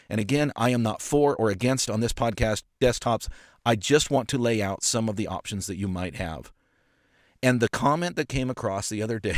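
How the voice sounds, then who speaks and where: A man's voice: lowish voice, no room sound. A man hosting a casual podcast monologue, passionate and emphatic, with frequent fillers and repeated words, recorded on a studio microphone in a parked car. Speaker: podcast host and appraiser coach.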